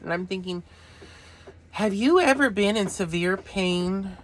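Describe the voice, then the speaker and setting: A man's voice: high-pitched, expressive, normal speed, a little hiss or hum. A middle-aged man ranting to camera in a blunt, profane way that keeps drifting off topic. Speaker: vlogger. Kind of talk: rambling rant to camera.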